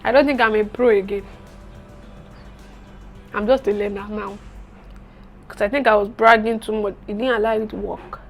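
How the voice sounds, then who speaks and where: A woman's voice: medium pitch, steady tone, normal speed, long pauses, soft background music. A young woman, chatting expressively and dramatically to camera as a beauty vlogger. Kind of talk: casual vlog talk to camera.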